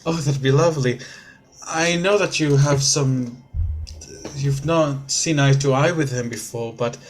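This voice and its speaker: A man's voice: medium pitch, soft background music, close to an everyday voice. A man voicing a sweet, dreamy young woman who is soon to be queen, who talks in a gushing, hesitant way. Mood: hopeful. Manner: gushing, hesitant, with many halting restarts.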